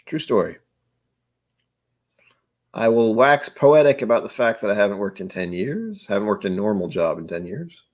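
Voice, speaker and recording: A man's voice: fairly low pitch, sing-song, normal speed, pauses often. An American man in his forties hosting a casual livestream chat, rambling and joking with frequent chuckles. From United States. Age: 40s. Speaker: livestream host.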